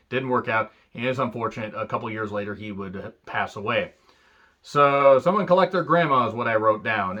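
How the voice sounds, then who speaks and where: A man from the United States talks through a casual review with a bright, forceful voice. He is blunt and profane and drops sarcastic asides. His pitch sits in an ordinary middle range for a man. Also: muffled recording. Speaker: wrestling show reviewer.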